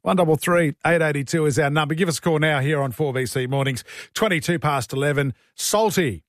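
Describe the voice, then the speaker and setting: A man's voice: a little high, brisk, no echo, clean studio sound. A man with an Australian accent hosting a morning radio show, chatty and jokey. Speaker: radio host. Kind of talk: casual radio chat. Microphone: studio microphone.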